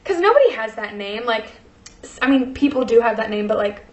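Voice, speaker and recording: A woman's voice: a little high, sing-song, a little fast. Chatty young woman in an echoey room. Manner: chatty, many fillers, tearful and laughing. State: emotional, close to tears. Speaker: vlogger. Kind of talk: casual storytelling.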